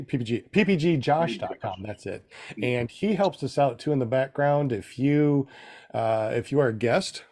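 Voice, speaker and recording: A man's voice: medium pitch, darkish tone. A man hosting a casual podcast over a video call, upbeat and thanking sponsors and panel members. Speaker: podcast host.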